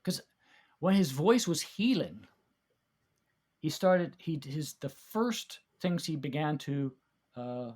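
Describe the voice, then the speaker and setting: Speaking slowly with long pauses, a man with an expressive, slightly high voice reminisces as a podcast guest. His casual chat is rambling and warm, packed with fillers and restarts.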